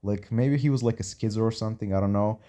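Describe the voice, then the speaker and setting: A man's voice: lowish voice, quick pace, warm tone. A man telling a rambling, slangy story in a casual way, swearing a lot.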